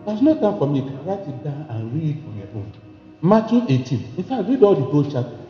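A man preaching a sermon with emphasis, repeating phrases and moving between soft speech and shouting. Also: a little high, sing-song, fast. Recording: echoey lo-fi hall recording with faint music.

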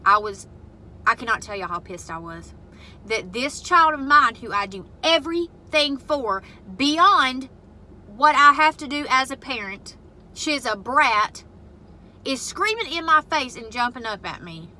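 A woman's voice: sits high, lively intonation, a little slow, sharp tone, a little hiss or hum, rough recording. A woman venting to camera from her car, blunt and profane as she retells a family fight. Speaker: vlogger and mother. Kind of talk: venting casual vlog to camera. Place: inside her parked car.

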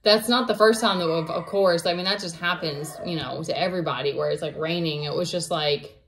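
A woman's voice: lowish voice, brisk, a bit bright, slight background noise. Rambling woman telling a story. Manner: rambling, many fillers and restarts. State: emotional, near tears at times. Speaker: vlogger. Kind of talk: casual storytelling vlog.

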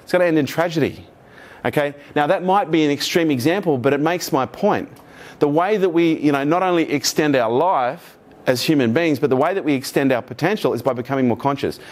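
A middle-aged man gives a motivational keynote to a live audience, his voice sitting a little higher than most men's. He talks with energy and swears freely. He keeps turning to the room with questions and jokes. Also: brisk. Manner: energetic, profane, jokey, asks the audience questions. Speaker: keynote speaker.

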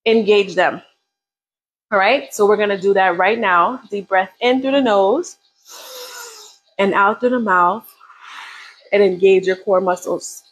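A woman's voice: mid-range voice, measured pace, pauses often, husky, rough recording. A woman leading a live beginner workout, coaching casually and encouragingly while counting down reps. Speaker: fitness instructor.

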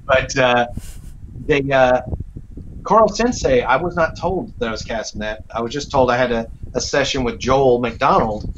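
Male voice actor as interview guest, mid-pitched, reflective and rambling, on slightly muffled audio. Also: moderate pace, slight background noise. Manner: reflective, rambling with many fillers. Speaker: voice actor and acting teacher. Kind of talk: casual interview chat.

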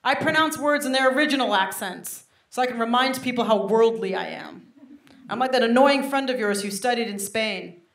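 On a comedy club stage, a young Englishwoman delivers a chatty, self-mocking stand-up set, laughing along with the crowd. Her voice sits on the high side, gravelly and a little bright, at normal speed. The live recording is roomy, with audience noise audible.

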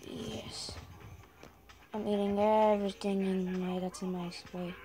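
A woman's voice: mid-range voice, level tone, measured pace, mellow, soft background music, poor audio. A young woman giving casual running commentary on a video game, chatting to viewers and often apologizing to them. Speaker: gaming channel host.

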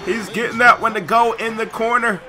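A man giving excited gameplay commentary over a basketball video game and yelling on big plays. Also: very high-pitched, normal speed. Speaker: gaming YouTuber.

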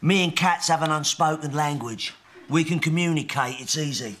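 An actor playing a brash Cockney convict on the run, gruff and quick-tempered. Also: male voice, on the high side, fairly bright tone, slight background noise, lightly acted.

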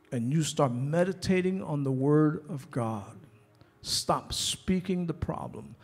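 Husky New pastor preaching. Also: male voice, on the high side. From New York. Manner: repetitive rhetorical questions, conversational preaching. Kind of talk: sermon.

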